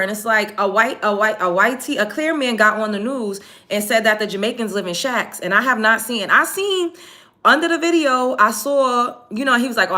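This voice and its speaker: A chatty woman with a bright, clear voice hosts a casual live stream. She talks straight to her viewers in a lively, animated way. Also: mid-range voice. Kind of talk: casual get-ready-with-me live chat.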